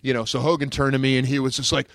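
A man, an actor guest, telling animated stories in a casual chat. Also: medium pitch, very fast, vocal fry, dry recording. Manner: animated, does voices in anecdotes.

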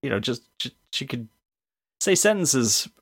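A man's voice: mid-range voice, sing-song, measured pace, husky. A man co-hosting a podcast, telling casual stories with frequent laughter. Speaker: podcast co-host. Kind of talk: casual chat.

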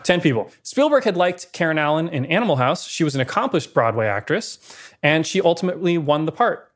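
A man with a slightly higher voice co-hosts a casual podcast about old movies. He tells behind-the-scenes stories in a lively way, full of asides and small chuckles. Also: brisk. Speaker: podcast co-host. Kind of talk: casual film-history chat.

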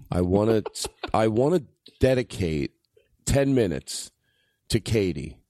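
A man hosting a comedic podcast, rambling excitably and breaking into shouts and laughs on a lav mic. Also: on the low side, slow, no echo, studio quality. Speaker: podcast host. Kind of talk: loose comedic chat.

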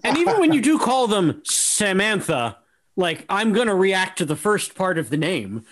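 A man in his forties chats as a guest on a podcast. He tells his stories in an easygoing way and laughs often. His voice is a touch high for a man. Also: sing-song, normal speed, a bit bright. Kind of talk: casual chat.

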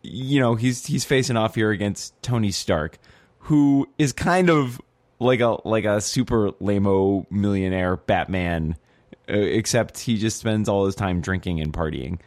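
A man's voice: lowish voice, measured pace, darkish tone, no room sound. A man on a comedy podcast panel, arguing his side in a joking mock-courtroom manner. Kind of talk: casual comedic debate.

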